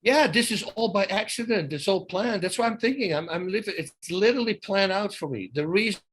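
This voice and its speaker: A man's voice: high-pitched, brisk, a little hiss or hum. A middle-aged man from the Netherlands, telling stories in a casual interview and acting out the dialogue, with many restarts. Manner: animated storyteller who acts out dialogue, many restarts. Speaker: guest.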